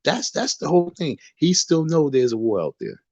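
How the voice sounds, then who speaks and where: Livestreaming from his bedroom in the dark, a man talks into his phone at normal speed with a high-ish, warm voice that swings widely in pitch. He rants in a defiant, repetitive, sermon-like way, and the recording is muffled with no room sound.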